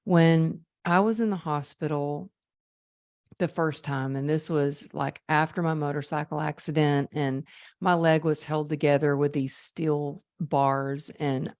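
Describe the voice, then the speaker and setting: Low-voiced woman telling stories. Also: measured pace, no echo, clean studio sound. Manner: lively, acts out quoted voices. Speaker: podcast guest. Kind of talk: conversational storytelling.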